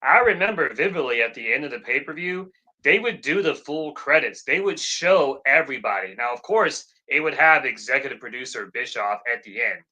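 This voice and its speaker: A man's voice: mid-range voice, brisk, poor audio. A man co-hosting a wrestling podcast, ranting casually with some swearing. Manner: ranting, animated, profane. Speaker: podcast co-host. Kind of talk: casual chat.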